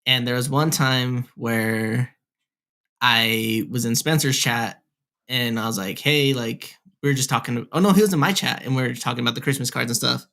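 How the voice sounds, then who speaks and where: A man's voice: medium pitch, moderate pace, vocal fry, bright, forceful tone. Rambling young man on a headset. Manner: rambling, heavy filler "like, whatever". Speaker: podcast co-host. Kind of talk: casual storytelling.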